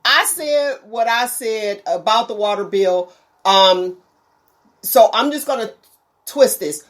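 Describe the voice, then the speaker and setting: A woman's voice: a little high, slow pace, fairly bright tone. A woman hosting a talk show, asking questions in a playful, joking way. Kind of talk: casual chat.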